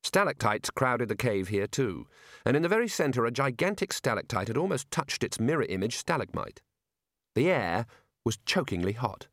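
A man narrates a scripted audiobook in a wry, expressive storytelling style. His mid-range voice moves at normal speed, and the recording is dry and studio quality.

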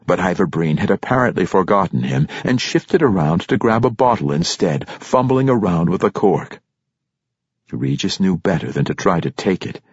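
A man narrating a fantasy audiobook with expressive storytelling. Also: low voice, moderate pace, husky, dry recording. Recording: dry, slightly muffled lo-fi recording.

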